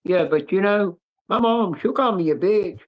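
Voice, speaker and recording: A woman's voice: mid-range voice, expressive, moderate pace, lo-fi sound. A woman co-hosting a livestream in casual chat, telling rambling, crude stories. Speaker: livestream co-host.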